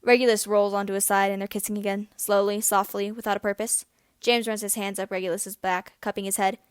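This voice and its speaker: A woman's voice: mid-range voice, flat delivery, brisk, smooth, dry recording. Woman reading a story in a dry room. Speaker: audiobook reader. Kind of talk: reading fan fiction aloud.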